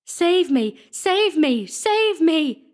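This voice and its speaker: A woman's voice: medium pitch, slow pace, darkish tone, slightly rough. A woman voicing a terrified thieving male sexton who babbles and shrieks in panic as he flees. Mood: screaming terror.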